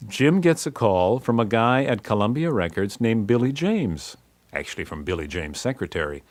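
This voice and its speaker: A man's voice: lowish voice, sing-song, normal speed, no echo. A man recalling his band's early days in casual, slangy spoken-word storytelling, acting out voices and sounds as he goes.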